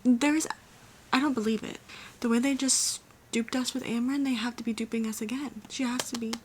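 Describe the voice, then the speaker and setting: Excitable young woman reacting to books. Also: on the high side, fairly quick, husky. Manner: excitable, often drops to a whisper. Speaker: book vlogger. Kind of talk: casual reading reactions. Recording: faint background noise.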